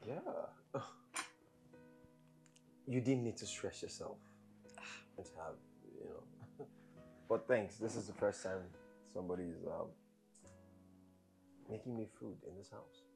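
A woman voicing a shy, grateful young man, talking in a hesitant, halting way in a comedy skit. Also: very deep voice, creaky, warm tone, soft background music, voice pushed down, heavily acted, rough recording. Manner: hesitant, halting with many pauses.

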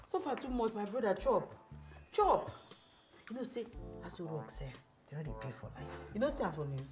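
A woman with a Nigerian Pidgin accent, acting a brash, broke tenant in a comedy skit who scolds loudly and laughs often. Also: mid-range voice, big pitch swings, brisk, soft background music, lightly acted. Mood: jovial.

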